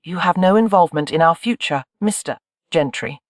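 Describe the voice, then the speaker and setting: A narrator voicing a bitter woman in her forties who speaks crisply and with reproach, in an audiobook. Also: medium pitch, animated, fairly quick, no echo, clean studio sound, natural voice. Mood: cold, reproachful. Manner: crisp, accusing.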